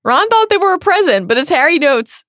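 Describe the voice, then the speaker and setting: A woman's voice: very high-pitched, sing-song, a little fast, a bit bright, dry recording, clean studio sound. A woman co-hosting a casual book-discussion podcast, recapping scenes with laughing enthusiasm. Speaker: podcast co-host.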